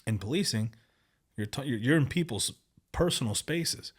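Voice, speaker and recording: A male podcast host who also works as a police officer talks in a loose, casual interview. His delivery is profane and animated, full of stories. His voice sits at an ordinary middle pitch. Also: moderate pace, husky.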